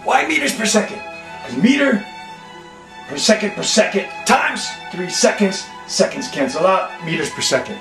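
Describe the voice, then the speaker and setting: A man's voice: high voice, lively intonation, normal speed, long pauses, over music, voice pushed up. A man putting on a German scientist voice to explain physics problems step by step. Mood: lecturing. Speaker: physics teacher.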